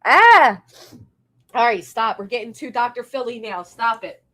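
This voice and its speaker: A woman's voice: on the high side, fairly quick, fairly bright tone. A woman livestreamer ranting bluntly with plenty of swearing, between thanking her members. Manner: blunt, profane, fired-up. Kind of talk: live stream rant and member shout-outs.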